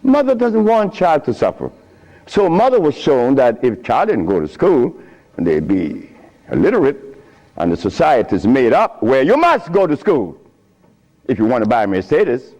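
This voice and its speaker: Animated man chuckling through a lecture. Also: mid-range voice, normal speed, muffled recording. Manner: animated storytelling with frequent chuckles; loose, nonstandard grammar. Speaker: speaker addressing an audience. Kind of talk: informal lecture.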